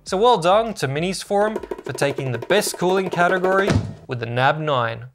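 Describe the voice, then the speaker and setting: A man's voice: high-pitched, expressive, moderate pace, over music. A man narrating a scripted product review as a tech channel host, upbeat and informative.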